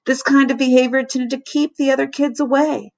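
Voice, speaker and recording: A teacher reading a children's chapter book aloud to her class, with expressive, dramatic storytelling. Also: high voice, a little fast. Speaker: fourth grade teacher.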